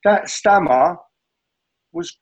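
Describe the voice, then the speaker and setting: Middle-aged bloke, recovery share, rambly and sweary, bit high voice, dull lo-fi sound. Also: male voice, wildly swooping pitch, extremely slow, creaky, husky. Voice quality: rambling, blunt, swears, says mate constantly. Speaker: speaker sharing his recovery story.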